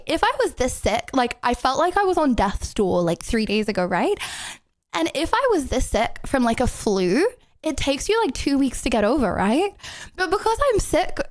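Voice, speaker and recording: A young woman streamer chatting casually and giggling with her viewers while recovering from an illness, with many fillers. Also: sits high. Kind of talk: casual live-stream chat.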